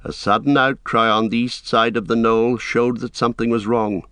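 A man narrating an audiobook in a measured, steady storytelling manner. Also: mid-range voice, no echo. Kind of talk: scripted narration.

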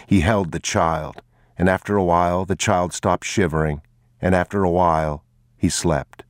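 A man with a very deep voice reading a story aloud, grave and measured, never rushing a line. The read is dry and close, with no room around it. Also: fairly even intonation, no room sound. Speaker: narrator. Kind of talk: audiobook narration.

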